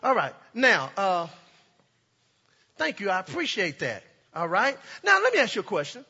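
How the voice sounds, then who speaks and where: Pastor guy preaching in church, real high husky voice, muffled lo-fi recording. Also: huge pitch swings, moderate pace, in a large hall. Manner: preaching with call-and-response, rising to shouts. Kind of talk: sermon. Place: church sanctuary.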